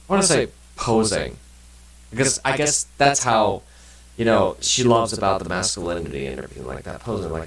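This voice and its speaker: A man's voice: on the low side, expressive, fairly quick, roomy sound, far from the mic, low-quality recording. A man casually commenting on a game and reading its text aloud, rambling and swearing now and then. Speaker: let's play gamer.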